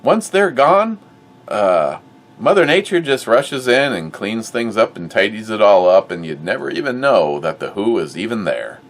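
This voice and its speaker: A middle-aged man hosting a casual talk show, blunt and profane, swinging from muttered asides to loud outbursts. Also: lowish voice, sing-song, moderate pace, distant mic. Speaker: host of a review show.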